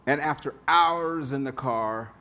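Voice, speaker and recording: Slow-speaking male pastor preaching. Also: mid-range voice, bright, forceful tone, slight background noise. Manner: conversational, repeats key phrases for emphasis. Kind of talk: sermon. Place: church sanctuary.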